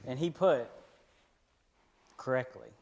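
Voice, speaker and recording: A man's voice: medium pitch, slow pace, a little mellow. A man reading viewer questions in a church Q&A, dry and lightly teasing. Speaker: question reader. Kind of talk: casual Q&A chat. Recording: reverberant hall with clear noise.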